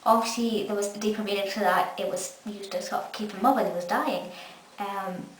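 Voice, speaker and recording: A woman's voice: mid-range voice, fairly even intonation, fairly quick. A young Scottish woman gushing through a casual episode review. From Scotland. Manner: enthusiastic, gushing. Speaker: fan reviewer. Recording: echoey room, mic far off, faint hiss.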